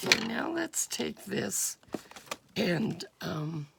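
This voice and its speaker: A woman crafting at a table, talking through each step with a gruff morning voice, thinking aloud and sometimes dropping to a whisper. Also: on the high side, lively intonation. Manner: unhurried, thinking aloud with fillers and drops into whispers while working. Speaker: crafter demonstrating a junk journal project. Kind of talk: casual step-by-step craft demonstration. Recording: clear background noise with clicking of craft tools.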